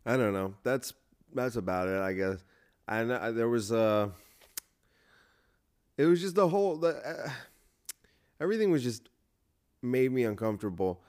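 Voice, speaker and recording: A man's voice: medium pitch, lively intonation, moderate pace, pauses often, darkish tone, clean tone. A man hosting a podcast, telling a rambling story in a self-deprecating, casual way, full of restarts and fillers. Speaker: podcast host, comedian.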